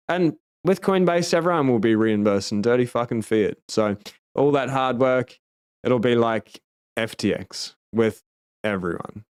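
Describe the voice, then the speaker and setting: An Australian man hosts a loose livestream and talks straight to his viewers. He is blunt and emphatic and swears freely. His voice is smooth and resonant at an ordinary middle pitch. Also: darkish tone. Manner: blunt, heavily profane and emphatic. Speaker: livestream host. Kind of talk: casual livestream chat, reading viewer comments.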